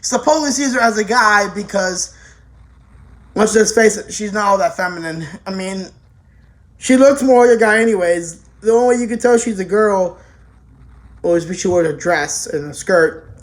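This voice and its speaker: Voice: medium pitch, moderate pace. An anime reviewer giving a casual, rambling spoken review, full of restarts and offhand swearing.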